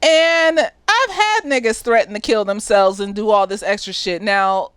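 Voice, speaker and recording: A woman talking casually and profanely as she recaps a TV episode, slightly tipsy, often laughing and jumping into high squeaky voices for the characters. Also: measured pace, a bit bright, clean tone, no echo, studio quality. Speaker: therapist reviewing a TV episode.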